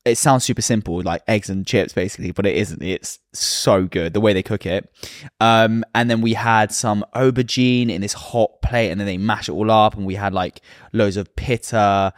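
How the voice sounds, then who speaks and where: A man's voice: lowish voice, steady tone, moderate pace, no room sound, clean studio sound. A young man, co-hosting a podcast in casual chat, laughing often and swearing freely. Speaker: podcast co-host.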